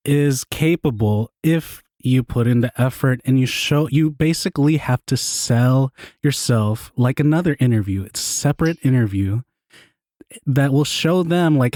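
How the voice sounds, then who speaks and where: Male podcast host, mid pitch, dry close sound, animated joking storyteller. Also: a little slow, dry recording. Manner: animated storyteller, laughs often, swears. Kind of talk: casual chat, storytelling.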